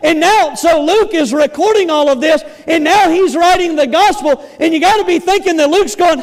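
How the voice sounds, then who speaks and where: A pastor preaching a sermon, emphatic, repeating words and stressing key phrases slowly and loudly. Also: male voice, very high-pitched. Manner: emphatic, repeats words, shifts between loud bursts and slow stresses.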